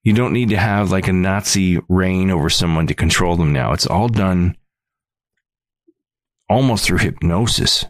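A middle-aged man with a very deep voice hosts his podcast, rambling earnestly and often restarting his sentences. The sound is close and dry, with no room around it. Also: a little slow, no echo. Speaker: podcast host. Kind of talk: rambling monologue.

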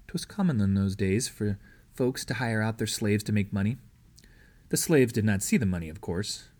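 A man narrating a historical novel as an audiobook reader, steady and measured. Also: fairly low pitch.

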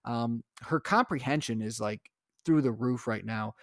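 A young adult man co-hosting a casual podcast, recounting a chaotic day with animated storytelling. His voice sits at a middle pitch and is recorded dry and close, with no room sound. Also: measured pace, no echo. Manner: animated storytelling, acts out his own lines. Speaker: podcast co-host, father. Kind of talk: casual chat.

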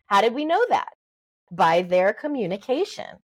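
Brief: middle-aged woman, child-development guest, animated, mid pitch, acts out baby talk. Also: normal speed. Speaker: guest, early development expert. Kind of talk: conversational advice, podcast interview.

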